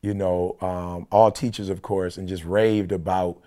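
Guy with a kinda low voice telling a long story on a podcast, acting out what people said. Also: unhurried. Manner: animated, quoting people in dialogue. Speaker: podcast co-host. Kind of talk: casual storytelling. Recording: conference call.

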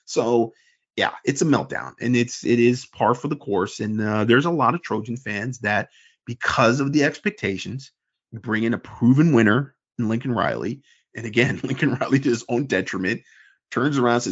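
Husky man rambling on a lo-fi podcast. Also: mid-range voice, a little fast. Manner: rambling, animated, mimics fans in quoted voices. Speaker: podcast co-host and forum moderator. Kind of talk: casual sports podcast chat. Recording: dull lo-fi sound.

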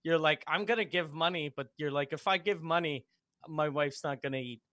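A comedian in a casual podcast chat, telling self-mocking, profane stories. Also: male voice, fairly high pitch, a little fast, bright, forceful tone, no echo, clean studio sound.

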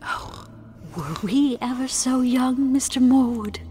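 A woman voicing an eerie, sweet-talking wife who speaks in slow, hushed, sugary tones. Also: sits high, expressive, slight background noise, heavily acted. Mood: sinister sweet.

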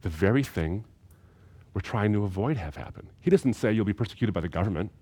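A man's voice: lowish voice, lively intonation, brisk, dark tone, husky. A man lecturing in a recorded seminary course, emphatic and fond of repeating key phrases.

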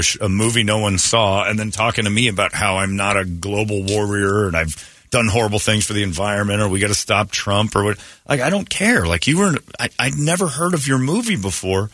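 A man's voice: fairly low pitch, a bit bright, no room sound. A man hosting a morning radio show, rambling through blunt, opinionated stories in casual chat from a studio mic.

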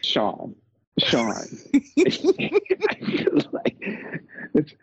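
Animated husky-voiced man, lo-fi. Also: on the high side, extremely slow, dry recording. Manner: animated, incredulous, laughs while telling. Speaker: podcast co-host. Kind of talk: casual wrestling recap chat. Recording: dull lo-fi.

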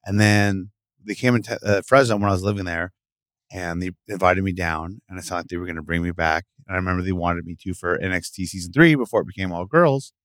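Middle-aged male guest, low voice, animated storyteller, dry studio sound. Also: fast talker, no echo. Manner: animated, acts out voices in stories. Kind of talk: casual interview storytelling. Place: podcast studio.

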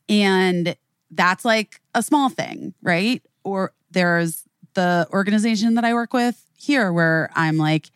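A woman's voice: on the low side, unhurried, smooth, dry recording, studio quality. A woman from Chicago hosting a casual podcast chat, telling stories animatedly with lots of "like" fillers and the odd swear. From Chicago, USA. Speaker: podcast host.

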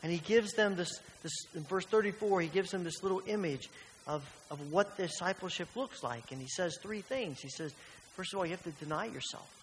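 In a reverberant church hall with slight hiss in the background, a pastor preaches with earnest conviction, asking many rhetorical questions. His voice is high and his pace fairly quick.

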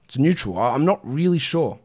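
Male host, mid-pitched, casual live-stream chat, quick offhand answers. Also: expressive, darkish tone. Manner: chatty, offhand, quick answers to viewer questions. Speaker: fantasy basketball show host.

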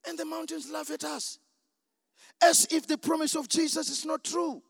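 A man preaching a sermon, emphatic and shouting, calling for the congregation's responses in a church. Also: extremely high pitch, little pitch movement, normal speed, vocal fry, no room sound, clean studio sound, in a large hall.

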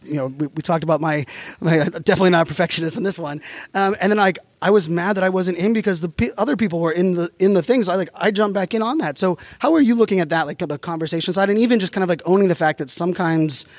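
A man's voice: high-pitched, quick pace, dry recording. A man hosting a podcast, chatting casually at a live event, rambling with many fillers and restarts. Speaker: podcast host.

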